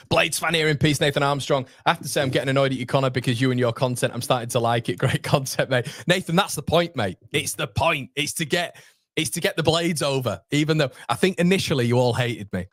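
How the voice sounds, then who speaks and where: A young man hosting a casual live fan stream, chatting with viewers and reading their comments, matey and quick to laugh. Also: mid-range voice, no room sound, studio quality. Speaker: fan channel host reading live chat. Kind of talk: casual live watchalong chat.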